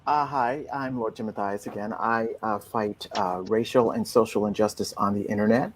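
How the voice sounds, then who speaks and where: A man speaking as a guest on a casual group livestream, animated and blunt, often repeating himself. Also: on the low side, normal speed, slight background noise. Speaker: political commentator guest.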